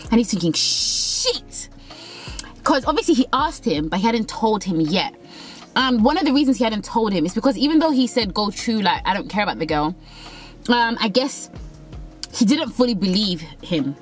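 Young woman in her twenties, casual confessional vlog storytelling, blunt and animated with quotes, mid-pitched. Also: a little fast, faint music behind, poor audio. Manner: candid, swearing, acts out quotes. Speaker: vlogger.

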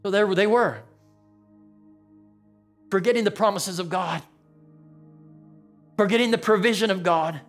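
High-voiced preaching man. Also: a bit bright. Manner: repetitive preaching cadence, rising into dramatic quotes. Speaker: pastor. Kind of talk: sermon. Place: church sanctuary.

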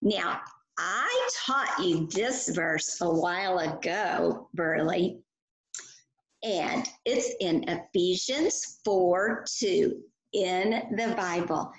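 A woman teaching children a Bible lesson with a puppet, gentle and patient in a sing-song way. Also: fairly low pitch, drawn-out words. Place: chapel. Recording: echoey chapel room.

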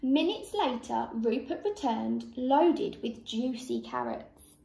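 A woman teacher reading a picture book aloud to young children, slow and expressive. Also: high-pitched, vocal fry, reverberant.

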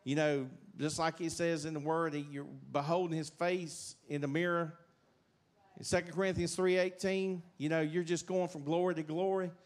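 A man's voice: fairly high pitch, level tone, normal speed. A middle-aged man with a Southern accent, giving a rambling, folksy testimony in church. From South Carolina, USA. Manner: rambling, folksy, many fillers and restarts. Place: church sanctuary.

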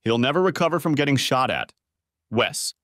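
A man narrating an audiobook, voicing a manipulative male lover in a low, curt voice. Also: animated, moderate pace, fairly bright tone, dry recording, clean studio sound, close to an everyday voice. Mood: scheming.

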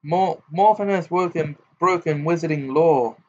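A man's voice: a little high, moderate pace, a little hiss or hum, voice pushed up, lightly acted. A man voicing a furious, scornful old wizard father who bellows and jeers in a muffled home recording. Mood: jeering. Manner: bellowing, jeering, snarling.

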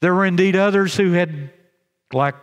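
A man delivers a sermon in a fairly high voice, earnest and halting, often restarting his phrases and slowing down to stress key lines. The sound carries the long reverb of a chapel. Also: clean tone, dull audio. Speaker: pastor.

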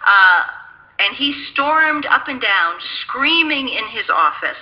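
A woman's voice: on the high side, lively intonation, slow pace, muffled recording. A woman giving a storytelling talk, speaking emphatically with frequent restarts. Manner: emphatic, restarts sentences, acts out quoted dialogue. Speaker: speaker recounting her intelligence work.

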